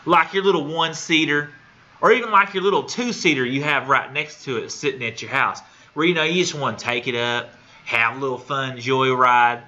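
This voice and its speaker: A man putting on a loud, boastful male televangelist with a folksy drawl, his voice jumping high and shouty. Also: brisk, highs cut off, lightly acted.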